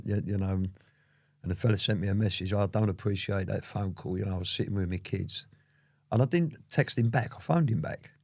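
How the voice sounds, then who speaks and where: Gravelly-voiced man telling stories. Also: lowish voice, a little mellow, dry recording, clean studio sound. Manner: rambling, many repeated "you know"s. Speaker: interview guest. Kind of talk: casual storytelling.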